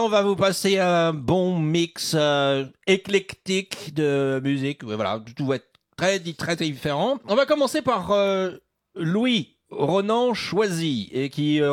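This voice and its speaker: French accent guy hosting radio, bit high voice, excited, lots of uhs, dry close sound. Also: no room sound. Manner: excitable, hesitant with many fillers. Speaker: radio show co-host. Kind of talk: casual bilingual radio chat.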